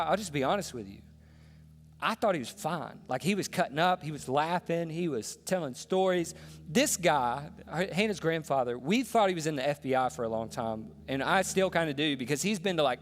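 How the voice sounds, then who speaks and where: Male pastor, higher-pitched, storytelling sermon, big reverberant sanctuary, quiet music bed. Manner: storytelling, swings from hushed to passionate. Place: church sanctuary. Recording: long reverb in a large hall with soft music.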